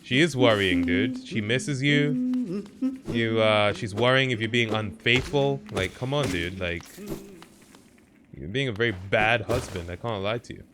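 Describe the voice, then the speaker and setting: A man's voice: lowish voice, normal speed. A young man streaming a video game, chatting casually and reacting to his chat over noisy audio. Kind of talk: casual live-stream commentary.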